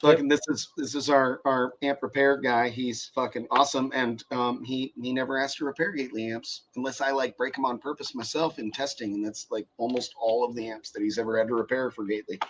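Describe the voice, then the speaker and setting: A man's voice: mid-range voice, level tone, a little fast, hardly any pauses, a bit bright, slight background noise. A young man in casual podcast chat about car audio, rambling and profane with many fillers and restarts.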